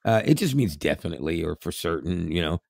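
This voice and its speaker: Canadian guy in his 50s, gravelly lowish voice, rambling podcast chat, dry sound. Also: very animated, fast talker, darkish tone, no room sound. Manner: rambling, laughing, chatty. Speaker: podcast co-host. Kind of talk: casual chat.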